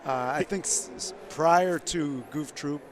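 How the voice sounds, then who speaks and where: A man's voice: on the high side, takes it slowly, noisy background. A man chatting casually and playfully, hyping up the other speaker. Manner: playful, enthusiastic, hypes others up. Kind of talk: casual chat.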